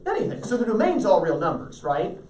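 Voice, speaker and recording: A man lectures a math class with a high-pitched, slightly mellow voice, speaking a little fast with huge pitch swings. He explains problems and often asks if students follow. There's a little hiss or hum, a roomy echo, and his voice sounds distant.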